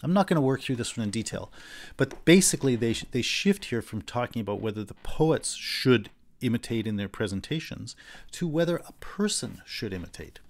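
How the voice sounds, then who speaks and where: A man's voice: medium pitch, lively intonation, fairly quick. A man lecturing on philosophy in a conversational way, restarting sentences and acting out examples. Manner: conversational, with frequent restarts and fillers; acts out example voices animatedly. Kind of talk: recorded university lecture.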